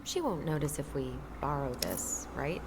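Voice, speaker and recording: A haunted young sister speaks softly in a very low voice, subdued and hesitant. Her game dialogue carries a clear layer of background noise. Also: very animated, moderate pace. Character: young adult woman, quiet, haunted twin sister.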